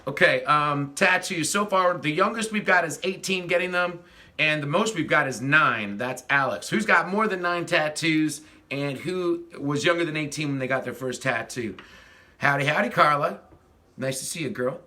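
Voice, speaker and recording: A man's voice: fairly high pitch, normal speed, sharp tone. A man hosting a casual livestream chat, rambling as he greets viewers and reads their comments while fiddling with the stream. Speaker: livestream host.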